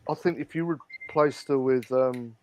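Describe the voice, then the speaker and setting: A man's voice: mid-range voice, fairly even intonation, moderate pace, background noise. British guy on a live show, blunt, says like and mate a lot. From Britain. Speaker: co-host. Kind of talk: casual live show banter.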